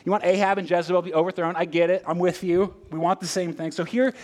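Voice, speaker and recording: A man voicing God as a patient, plain-spoken figure who explains a slow plan in a casual, reassuring way. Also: high voice, fairly even intonation, a little mellow, voice pushed up, natural voice. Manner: casual, reassuring, matter-of-fact.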